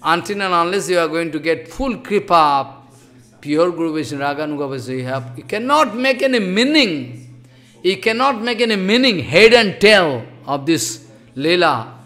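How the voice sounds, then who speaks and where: A man giving an impassioned devotional sermon in English, scolding loudly one moment and dropping to hushed asides the next. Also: high-pitched, expressive, normal speed. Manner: impassioned, scolding, swings between loud outbursts and hushed asides; non-native English with broken grammar. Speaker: spiritual teacher.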